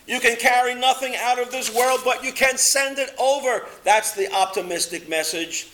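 A man preaching a sermon with a high, bright voice. He sways between loud, lifted exclamations and low, hushed statements, pressing each point hard. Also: moderate pace, slight background noise.

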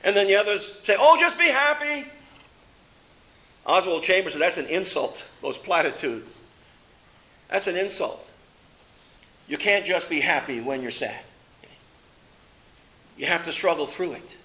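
Bright-voiced emphatic male preacher. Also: lively intonation, moderate pace, long pauses. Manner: emphatic, swings between loud high exclamations and low quiet statements. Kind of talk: sermon.

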